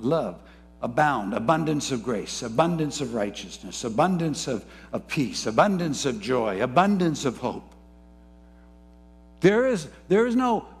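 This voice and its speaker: A man preaching a sermon, moving between soft, low musing and rising, fervent emphasis. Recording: faint music behind.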